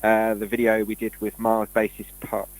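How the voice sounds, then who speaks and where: A man's voice: on the low side, completely flat delivery, moderate pace, rough recording. A man talking casually and rambling through stories, acting out what people said. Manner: rambling, tells stories with acted-out quotes. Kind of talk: casual conversation.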